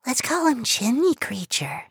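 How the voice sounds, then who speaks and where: A woman voicing a small excitable female mouse in a high, wondering voice. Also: measured pace, slightly rough, no echo, exaggerated voice. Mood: amazed.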